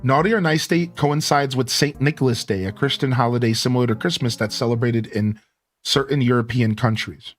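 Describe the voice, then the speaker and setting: Relaxed rambling male game streamer. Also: medium pitch, fairly quick, faint music behind. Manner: relaxed and rambling, full of "like" and "you know". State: voice still a bit worn. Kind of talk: casual chat with live stream viewers.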